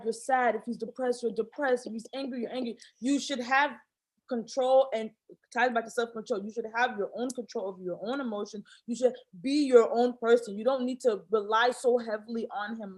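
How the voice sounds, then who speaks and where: Woman, quick delivery, fairly high voice, conversational advice chat. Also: steady tone, darkish tone, rough recording.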